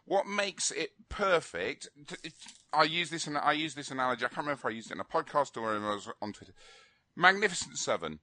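A man's voice: fairly high pitch, animated, quick pace, pushed and bright, no room sound. A man co-hosting a film review radio chat, opinionated and rambling, with many fillers and restarts.

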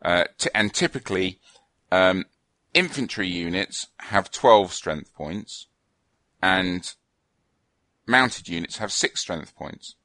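Low-voiced, lively rambling podcast man. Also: slow pace, no room sound. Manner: rambling, hesitant, with many fillers and restarts. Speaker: podcast co-host. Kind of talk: casual chat about tabletop wargames.

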